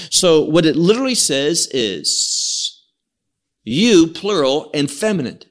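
A man leading a Bible study at an unhurried pace, his fairly high voice rising and falling a lot as he stresses words. He reads a verse, then unpacks it with Hebrew terms and repeated phrases. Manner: expressive, draws out key words and repeats himself; cites Hebrew words from the text. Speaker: Bible teacher.

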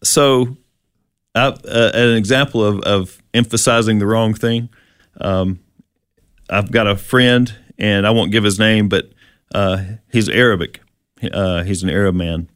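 Relaxed man teaching scripture. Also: fairly low pitch, clear, resonant tone, dry recording, clean studio sound. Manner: reads scripture slowly, relaxed and chatty. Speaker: co-host. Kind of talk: conversational Bible teaching.

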